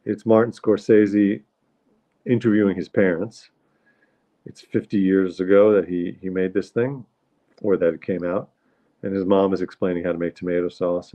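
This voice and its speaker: A man hosts a livestream in a loose, rambling way and keeps greeting his viewers as he talks. His voice sits on the low side, and the audio is dull and lo-fi. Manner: rambling, easygoing, greets chat often. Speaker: livestream host. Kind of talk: casual chat with viewers.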